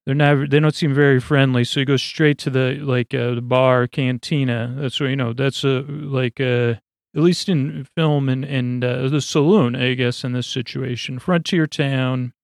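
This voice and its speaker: A man's voice: mid-range voice, steady tone, normal speed, gravelly, no echo, studio quality. A man hosting a podcast, recapping a show in a meandering, filler-heavy way. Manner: rambling, lots of fillers and asides. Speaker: podcast host.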